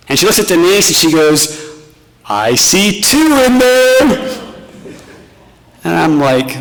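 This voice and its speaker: A middle-aged male pastor tells stories at his retirement party, poking fun at himself before turning tender. His voice sits a little high. The sound rings out with a long hall reverb. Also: fairly bright tone. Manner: storytelling, self-mocking humor turning tender.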